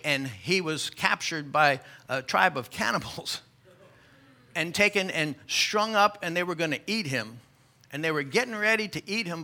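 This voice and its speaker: A male pastor preaching a sermon, animated and emphatic, asking the congregation rhetorical questions. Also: sits high.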